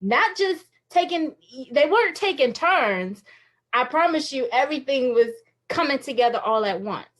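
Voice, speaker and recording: A woman in her thirties with a high, bright-pitched voice speaks openly and emotionally, as if confiding in friends. She laughs often between her words in a candid inspirational talk. She is streaming live from her phone. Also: expressive, normal speed. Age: 30s. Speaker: faith livestream speaker. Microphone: phone livestream.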